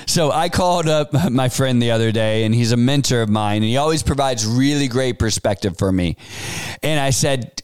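A man in his forties hosting a solo podcast, giving advice in a folksy, animated storytelling way. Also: medium pitch, normal speed, clean tone, no echo. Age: 40s. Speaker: podcast host.

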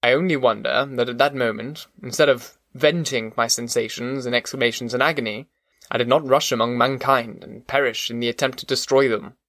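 Male audiobook narrator, measured and even, mid-pitched, dry booth sound. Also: dry recording. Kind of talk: scripted narration of a classic novel.

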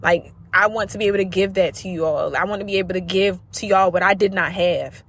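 Husky-voiced earnest woman coaching listeners. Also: fairly low pitch, steady tone, a little fast, fairly bright tone. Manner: earnest, repetitive, addresses listeners as y'all. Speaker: business coach podcast host. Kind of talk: casual motivational podcast talk.

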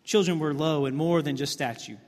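A male pastor preaching a sermon, telling the scene like a story, with many repeated words and swings from hushed to emphatic. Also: a little high, brisk. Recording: long hall reverb.

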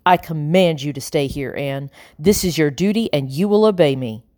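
A woman voicing a stern, panicked colonial gentleman who gives curt orders as he flees arrest. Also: sits low, normal speed, dry recording, clean studio sound, lightly acted. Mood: commanding. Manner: curt, commanding.

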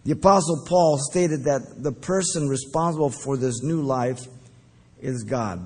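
Male pastor, mid-pitch, emphatic expository preaching, teaching pace with ums. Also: husky. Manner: emphatic, deliberate, with fillers. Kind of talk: verse-by-verse Bible teaching.

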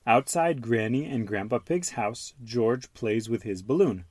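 A man hosting a podcast with his son, reading a children's storybook aloud in an animated, expressive way. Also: medium pitch, unhurried, no echo.

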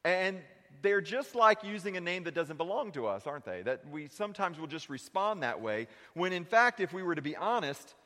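A man preaching a sermon in a church, shifting between lively questions and hushed, heavy confessions. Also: normal speed, hardly any pauses. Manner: preaching with dramatic voice shifts, dropping low and quiet for confessions. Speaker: pastor. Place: church sanctuary. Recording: long reverb of a sanctuary.

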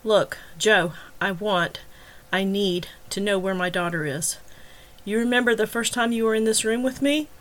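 A woman's voice: medium pitch, normal speed, fairly bright tone, lightly acted. A woman reading the lines of a worried middle-aged male detective, blunt and pressing in an interrogation. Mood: pleading.

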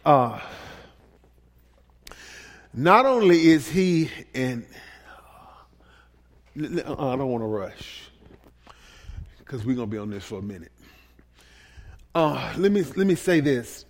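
A man preaching a sermon as a pastor, pleading and impassioned, dropping to a hush and then rising to shouts. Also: mid-range voice, big pitch swings, slow pace, pauses often. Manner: impassioned, pleading, swinging between hushed and shouted. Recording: long reverb of a large hall.

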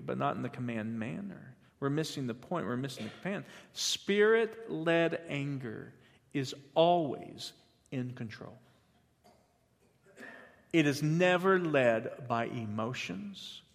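A man preaching a sermon to a congregation, moving from quiet teaching to loud, emphatic passages with frequent restarts. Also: mid-range voice, creaky, long reverb tail. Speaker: pastor.

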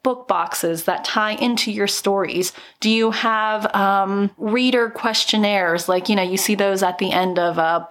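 A woman in her thirties hosting a solo podcast, talking upbeat and encouraging with little laughs between thoughts. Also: mid-range voice. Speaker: podcast host. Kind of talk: motivational solo podcast talk.

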